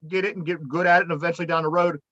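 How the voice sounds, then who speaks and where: A man's voice: fairly high pitch, fairly even intonation, rapid-fire, a bit bright, no room sound, muffled recording. A man with a Pittsburgh accent hosting a casual podcast, giving earnest opinions and repeating himself as he thinks. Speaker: podcast host.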